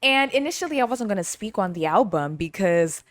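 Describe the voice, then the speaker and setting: A woman's voice: medium pitch, animated, a little fast, no room sound, clean studio sound. A woman hosting a podcast, telling stories in a casual, chatty way, laughing often and playfully teasing. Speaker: podcast host. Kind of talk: casual storytelling monologue.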